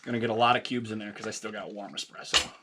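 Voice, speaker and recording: A man's voice: fairly low pitch, flat delivery, rapid-fire, heavy background noise. A man hosting a casual home cocktail vlog, chatty and jokey, with lots of fillers and a slightly out-of-breath delivery. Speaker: home cocktail video host.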